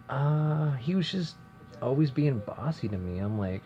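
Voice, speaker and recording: A man's voice: fairly low pitch, lively intonation, normal speed, darkish tone, faint music behind. A young man rambling casually through a story from his old job, chatty and self-interrupting. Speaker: vlogger. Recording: dull lo-fi sound with faint noise.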